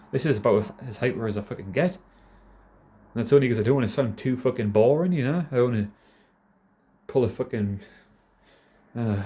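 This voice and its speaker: A man's voice: lowish voice, darkish tone. A man in his thirties with a Geordie accent, rambling casually and self-deprecatingly to camera, swearing a lot. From North East England. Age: 30s. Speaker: vlogger.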